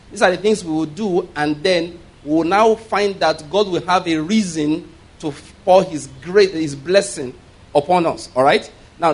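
Male pastor, sermon, reads verses and explains, congregation call-and-response, slightly high voice. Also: husky. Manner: reads scripture aloud and explains it line by line; asks "all right?" as a check-in.

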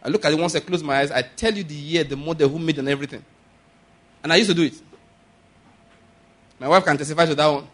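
A man pastor preaching a sermon, swinging between quiet asides and sudden loud, high emphasis. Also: fast talker, long pauses. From Nigeria.

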